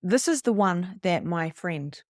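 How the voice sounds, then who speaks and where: A middle-aged woman, a spiritual coach, teaching a live online workshop in a chatty, animated way that acts out her own panic. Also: fairly low pitch, measured pace, dry recording, clean studio sound.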